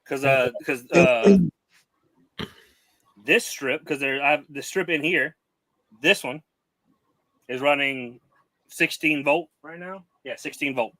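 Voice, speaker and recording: A man's voice: fairly high pitch, slow, long pauses, a bit bright, no echo, low-quality recording. A man co-hosting a casual podcast chat, talking in a hesitant, stumbling way. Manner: hesitant, stumbling, full of fillers. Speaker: podcast co-host.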